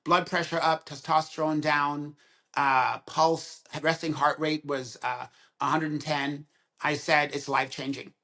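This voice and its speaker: A man's voice: a little high, a little slow. A man of around sixty, a dentist and podcast guest, telling stories in casual conversation and acting out both sides of quoted dialogue. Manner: animated storyteller who acts out both sides of quoted dialogue.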